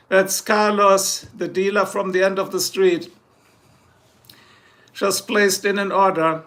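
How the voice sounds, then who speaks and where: A man's voice: high voice, level tone, takes it slowly, long pauses, fairly bright tone. A man chatting casually on a live stream, boastful and joking, rambling from one thing to the next. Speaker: livestreamer.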